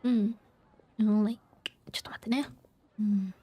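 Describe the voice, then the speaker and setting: A woman's voice: mid-range voice, fairly even intonation, brisk, dark tone, slightly rough. A woman teaching a language while streaming a video game, thinking aloud and explaining step by step with lots of fillers. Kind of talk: live-streamed gaming lesson.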